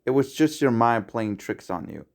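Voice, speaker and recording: A man's voice: medium pitch, animated, normal speed, vocal fry, a little mellow. A man voicing a caring, anxious young female macaw in a fan-made audio story, fretting and soothing. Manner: fretful, soothing.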